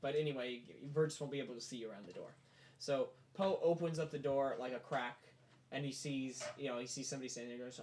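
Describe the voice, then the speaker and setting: A man's voice: medium pitch, fast talker, a little mellow, slight background noise. A man narrating as game master, casually and with lots of "like" fillers.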